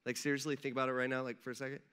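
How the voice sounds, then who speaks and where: A man's voice: medium pitch, little pitch movement, rapid-fire, fairly bright tone, smooth. A man, a pastor, preaching a casual sermon and acting out the lines of biblical figures in a conversational way. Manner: conversational, acts out dialogue voices. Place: church sanctuary.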